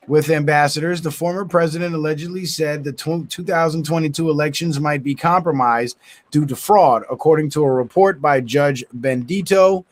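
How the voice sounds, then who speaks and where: A man hosting his own channel, reading news reports aloud, stumbling over words and breaking off with indignant comments of his own. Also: fairly high pitch. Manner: stumbles and restarts words while reading, adds indignant asides. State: yawning, tired. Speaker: channel host.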